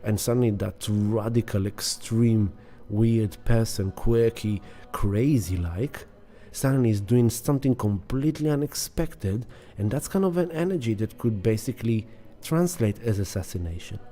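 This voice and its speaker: A man's voice: fairly low pitch, moderate pace, mellow. A man hosting an astrology channel, explaining an astrology chart in a casual, emphatic way and repeating words for effect.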